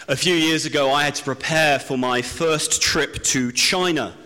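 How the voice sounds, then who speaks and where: A man from Britain preaching a sermon, telling a self-deprecating story with slow, drawn-out pauses. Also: on the high side, sharp tone. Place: church hall. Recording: long hall reverb.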